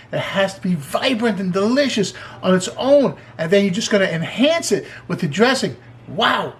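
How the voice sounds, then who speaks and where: Chatty high-voiced man cooking. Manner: chatty and enthusiastic, with joking asides. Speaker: cooking show host. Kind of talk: casual cooking demonstration.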